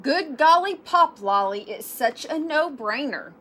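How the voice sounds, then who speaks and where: A woman's voice: high-pitched, animated, measured pace, bright, forceful tone, pitched above the performer's own voice, full character voice. A woman voicing a fussy mother cat who speaks emphatically and dramatically. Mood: emphatic.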